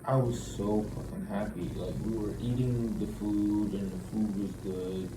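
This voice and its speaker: A young man in his twenties tells a personal story at an unhurried, drawn-out pace, his voice sitting a little low. He rambles and swears, circling back with "like" and false starts. He is picked up from some distance in a roomy space, with clear background noise behind him. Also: steady tone. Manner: profane, rambling, restarting with frequent "like". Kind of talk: casual storytelling.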